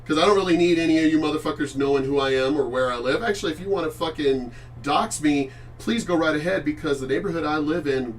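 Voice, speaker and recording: A man with a high-pitched voice rants on his vlog, swearing hard and hammering his points home. He sits a bit back from the microphone, so his voice sounds somewhat distant. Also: fast talker, few pauses, a little hiss or hum. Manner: profane, emphatic, addresses a friend by name. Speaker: channel host. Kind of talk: casual ranting monologue.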